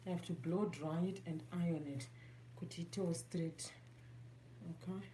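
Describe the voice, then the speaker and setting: A woman's voice: lowish voice, fairly even intonation, moderate pace, dark tone, slight background noise. Chatty Zimbabwean woman, self-mocking. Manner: chatty, self-mocking, switches between English and Shona. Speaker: beauty vlogger. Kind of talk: casual makeup tutorial chat.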